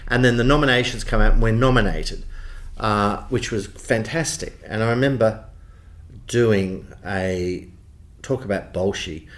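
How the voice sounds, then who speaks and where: A man with an Australian accent, a theatre producer telling lively backstage anecdotes in an interview. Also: fairly low pitch, measured pace. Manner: animated storyteller, does voices in quotes.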